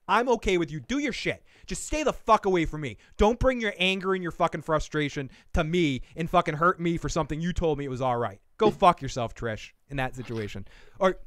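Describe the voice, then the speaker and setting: A man is talking through a TV recap, venting hard and swearing freely. His voice sits a little high and sounds dry and close, with no room around it. He jumps into other people's lines mid-rant. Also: a bit bright, no room sound. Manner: ranting, profane, acts out characters' lines. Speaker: podcast host reviewing a TV show. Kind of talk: casual recap chat.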